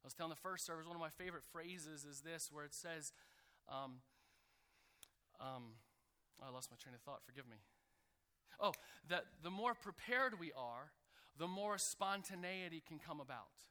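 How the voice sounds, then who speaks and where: A man preaching a sermon to a church congregation, calling out for responses and building to loud, energetic peaks. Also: a little high, moderate pace, clear, resonant tone. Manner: energetic preaching that swells to near shouting. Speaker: pastor. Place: church sanctuary.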